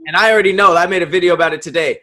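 A man co-hosting a podcast, talking in a quick, joking, conversational way. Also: high-pitched, bright, forceful tone. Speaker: podcast co-host. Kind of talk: casual chat.

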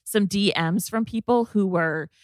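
A woman's voice: medium pitch, a little slow, dry recording, studio quality. A woman hosting a beauty podcast, talking in a chatty way with plenty of filler words. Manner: chatty, filler-heavy product talk. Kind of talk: casual podcast chat.

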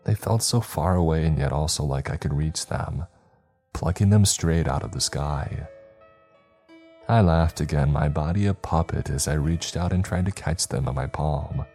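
A man narrating a horror story in a steady, measured storytelling voice. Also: extremely low pitch, faint music behind.

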